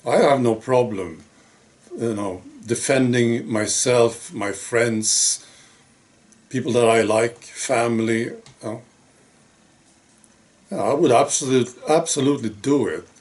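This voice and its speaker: A man speaking in a casual monologue to camera. He is wry and exasperated, often tacking on rhetorical questions. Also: medium pitch. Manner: rhetorical, frequently asking "right?". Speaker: video blogger.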